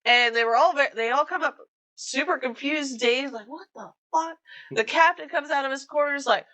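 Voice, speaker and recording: A woman's voice: sits high, normal speed, sharp tone, poor audio. A woman narrating a tabletop role-playing game as game master, giggling often between scenes.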